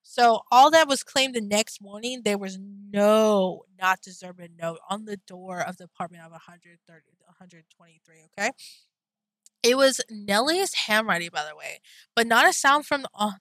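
A woman's voice: fairly high pitch, bright, forceful tone, no room sound, poor audio. Young woman podcasting, kinda out of breath, chatty, trips over words, super dry sound. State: a bit out of breath. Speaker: podcast host. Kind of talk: casual true crime storytelling.

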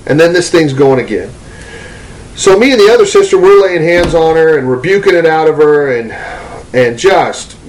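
A man's voice: on the high side, poor audio. A man, a minister, telling a personal story in a conversational way, with frequent ums and restarts.

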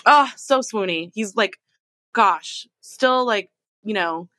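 A woman hosts a casual podcast chat, gushing about colleagues and tossing in quick asides. Her voice is bright and forward, heard close and dry. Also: mid-range voice, animated, no echo. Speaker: podcast host.

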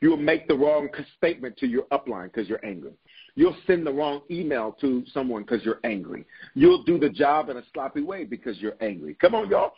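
Husky-voiced guy preaching leadership, repeats lines, calls out to listeners, kinda dull lo-fi sound. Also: fairly high pitch, expressive, normal speed. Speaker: bishop and leadership podcast host.

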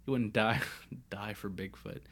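A man's voice: lowish voice, unhurried, fairly bright tone. Crude, joking man co-hosting a podcast. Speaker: podcast co-host. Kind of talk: casual chat.

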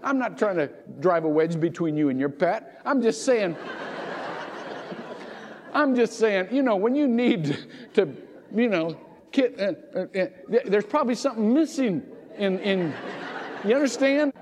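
Preaching as pastor in a church sanctuary, a middle-aged man speaks in a high, animated voice, unhurried and with long pauses. His storytelling is emotional and digressive, full of laughter and tearful asides; the muffled recording has long reverb and a slight hiss or hum.

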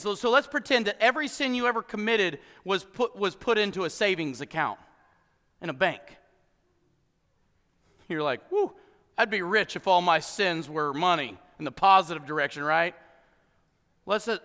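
Guy preaching in a church hall, real high bright voice, shouts then drops soft, cracks jokes. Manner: joking asides with the congregation. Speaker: pastor. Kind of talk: sermon.

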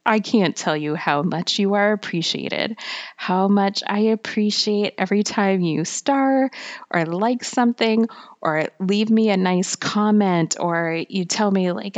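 A woman's voice: medium pitch, measured pace. Laughing, rambling woman podcaster. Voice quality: self-described whiny voice. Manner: rambling, laughs often, many fillers. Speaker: writer hosting a podcast. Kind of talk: casual solo monologue.

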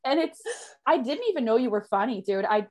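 Chatty podcast host woman, slightly high voice. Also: lively intonation, a little fast, darkish tone. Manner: bubbly, says "like" a lot, swears casually. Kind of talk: casual chat.

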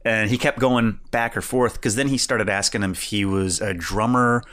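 A man with a fairly low voice talking through a film on a podcast. He is laid-back and relaxed and often chimes in with short agreement. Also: moderate pace. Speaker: podcast co-host. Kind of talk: casual film review chat.

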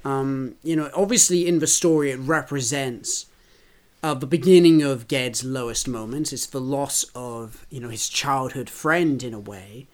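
A man's voice: mid-range voice, unhurried. Man, podcast co-host, eager and agreeable, restarts often, casual book chat. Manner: enthusiastic, affirming, stumbles over words.

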